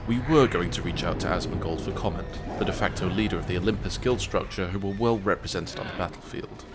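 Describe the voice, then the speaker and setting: A man with a very low voice delivers a gaming video as a deadpan mock news report. He keeps a mock-serious war-correspondent tone throughout. Clear electronic music plays behind his voice-over. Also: fast talker.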